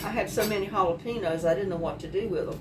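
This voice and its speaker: A woman's voice: medium pitch, quick pace. A woman chatting homily to viewers while cooking, heard through a camera mic set back in her home kitchen. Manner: chatty, homey, addresses viewers directly. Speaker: home cook vlogger. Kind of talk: casual cooking demonstration. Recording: echoey kitchen, distant noisy mic.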